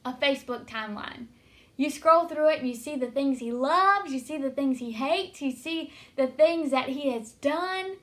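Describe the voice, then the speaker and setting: A woman's voice: high-pitched, a bit bright. A woman giving an earnest devotional teaching, telling stories to encourage listeners. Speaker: Christian teacher.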